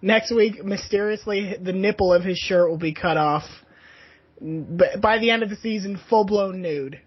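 A man from Tampa with a husky voice tells jokes in a flat, dry way during casual sports chat. The recording sounds dull and lo-fi. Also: high voice, moderate pace, dry recording. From Tampa, Florida. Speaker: podcast co-host. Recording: dull lo-fi podcast audio.

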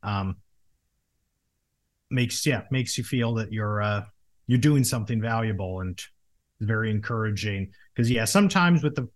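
A man's voice: on the low side, a little slow, long pauses. Laid-back male podcast co-host. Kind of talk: casual chat.

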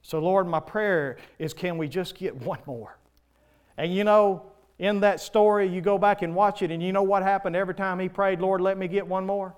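A man preaching in church with a slightly high voice. His sermon is impassioned and pleading, rising into loud swells and then dropping to quiet passages. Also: fairly even intonation, moderate pace, clear, resonant tone.

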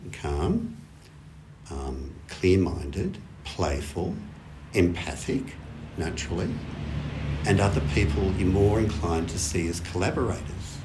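A man giving a relaxed Zen dharma talk, thinking aloud in lists and often checking in with the listeners. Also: deep voice, noisy background. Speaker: Zen teacher.

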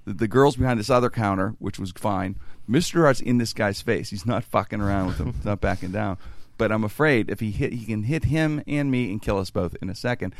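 A middle-aged man from Pittsburgh telling a story in casual chat, animated and profane, with many restarts. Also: on the low side, brisk, few pauses, no room sound.

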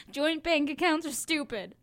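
A woman's voice: high voice, a bit bright. A young woman co-hosting a casual chat, tossing out playful jokes. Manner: joking, playful quips. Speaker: co-host.

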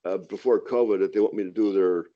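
A man's voice: sits low, steady tone, fast, highs cut off. A man, a stand-up comedian, telling a profane story in casual podcast talk, acting out the quotes.

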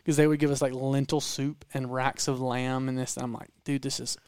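A man with a Southern American accent telling stories in casual podcast chat, animated and rambling with frequent restarts. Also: mid-range voice, fairly quick, clear, resonant tone, no room sound, studio quality. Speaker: podcast guest storyteller.

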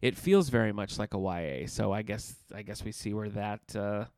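A man co-hosting a casual podcast, talking in a measured, mildly wry way with frequent fillers. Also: on the low side, a little mellow, no echo. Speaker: podcast co-host, librarian. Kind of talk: casual chat.

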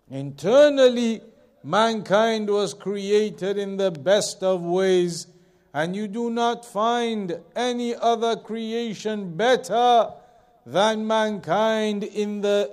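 Man, religious teacher, high-pitched, measured lesson delivery with emphatic repetition. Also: darkish tone. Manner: measured, repeats phrases for emphasis. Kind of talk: explaining scripture verse by verse.

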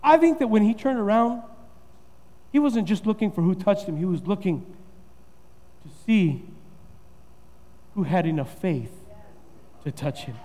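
A man's voice: high voice, lively intonation, a little slow, pauses often, dark tone, long reverb tail. A man preaching a sermon as pastor, repeating and building his points with rising emphasis.

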